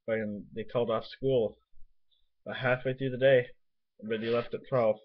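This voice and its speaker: A man's voice: medium pitch, fairly even intonation, fairly quick. A young man rambling casually in a home vlog, swearing freely while getting over a nosebleed. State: recovering from a nosebleed, tastes blood. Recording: dull lo-fi webcam recording.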